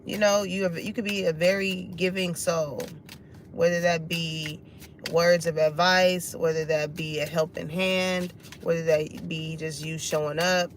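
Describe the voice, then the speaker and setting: A woman's voice: fairly low pitch, little pitch movement, a little slow, slight background noise. A woman giving a casual tarot reading, laughing often and swearing freely. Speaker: tarot reader.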